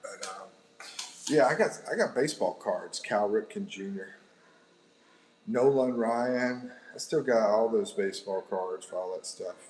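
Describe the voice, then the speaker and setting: A middle-aged man rambles through a casual live chat, chuckling between thoughts. His voice sits fairly low, and a faint hum lies underneath it. He talks from indoors beside a window. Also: normal speed, poor audio. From United States. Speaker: livestream host.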